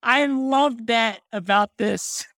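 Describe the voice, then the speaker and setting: A woman co-hosting a casual podcast chat, excitable, laughing often and saying "like" a lot. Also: fairly high pitch, slow, no echo, clean studio sound. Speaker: podcast co-host. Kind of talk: casual chat about a film.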